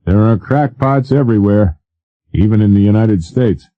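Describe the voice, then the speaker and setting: A man's voice: fairly low pitch, normal speed, no echo, narrow, tinny audio, close to an everyday voice. A man voicing a formal army general who speaks in an assured, official manner. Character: formal male army general, brisk and reassuring.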